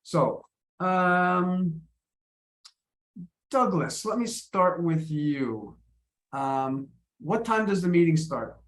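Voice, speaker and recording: A man coaches an English class over a video call, encouraging and quick to repeat his words. His voice sits on the higher side for a man. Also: animated, a bit bright. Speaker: English teacher.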